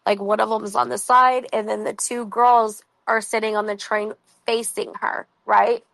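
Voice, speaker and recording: A woman retelling a story in a casual, chatty vlog, with many "like"s and quick asides. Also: fairly high pitch, level tone, vocal fry, fairly bright tone, no room sound, rough recording. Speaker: vlogger.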